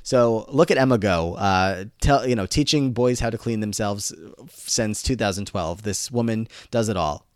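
Low guy chatting through a tv recap, lots of uhs, dry close sound. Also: normal speed, few pauses, no room sound. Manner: relaxed, filler-heavy storytelling. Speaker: podcast co-host. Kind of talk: casual episode recap.

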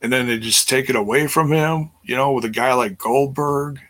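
Casual livestream host, middle-aged man, crisp bright voice, loose and rambling delivery. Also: medium pitch, normal speed. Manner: rambling, many fillers and restarts.

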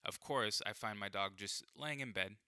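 A man's voice: fairly low pitch, moderate pace, bright, forceful tone, no room sound, studio quality. A young man telling a personal story in casual chat, rambling, full of fillers and swearing.

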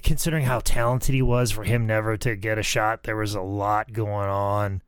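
Smooth-voiced man in casual chat. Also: on the low side, steady tone, moderate pace, no room sound. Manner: rambling, swears freely. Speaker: wrestler and podcast co-host.

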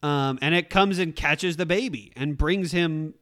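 A laid-back man trading dry remarks in a casual movie recap chat, often pausing on an um. His voice is smooth and resonant, pitched a little above the middle. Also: fairly bright tone.

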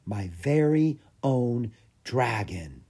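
An earnest young boy from a storybook, gentle and excited, his husky voice rising and falling a lot, as a man reads him. He sounds only lightly lifted from an ordinary speaking voice. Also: on the high side, normal speed, voice pushed up, full character voice.

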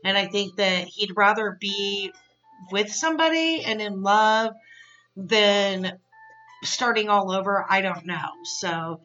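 A woman's voice: mid-range voice, slow pace, pushed and bright, far from the mic, lo-fi sound, faint music behind. A woman podcast host giving a casual, chatty, opinionated episode recap. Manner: chatty and opinionated, many fillers.

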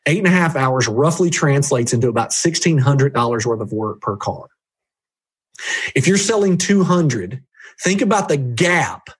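A man speaking as a guest, giving an energetic, emphatic sales-coaching talk straight to the listener. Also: slightly rough. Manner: emphatic, jumpy pitch, direct address to listener. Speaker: guest reviewing a book on sales.

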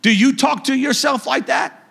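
Bright-voiced male pastor preaching. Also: very high voice, moderate pace, gravelly, husky, in a large hall. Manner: preaching with rising emphatic bursts, then quiet and reflective. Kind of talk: sermon. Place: church.

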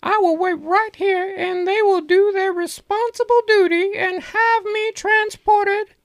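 Haughty rich lady, very high and slow, prim and demanding, put on by a man. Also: fairly even intonation, dry recording. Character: haughty rich woman train passenger.

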